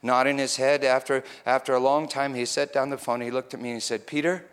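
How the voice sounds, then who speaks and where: A man preaching a sermon, moving between quiet reflection and excited, animated storytelling. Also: medium pitch, a little fast, smooth. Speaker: pastor.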